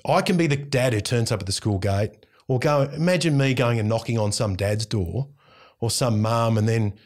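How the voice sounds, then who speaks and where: Animated Australian man telling a story. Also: medium pitch, normal speed. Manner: animated, intense, acts out dialogue. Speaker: radio host, interview guest. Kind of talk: casual storytelling.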